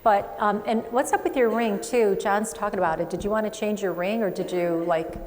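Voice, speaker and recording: A woman psychic medium hosting a show, giving chatty readings to a live studio audience with quick asides and frequent laughs. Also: medium pitch, a little mellow, long reverb tail, slight background noise.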